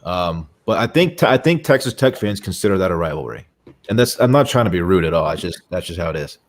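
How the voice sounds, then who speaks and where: A man's voice: deep voice, animated, fast talker. A man in casual comedic banter, laid-back, tacking "man" onto his lines. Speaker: panelist.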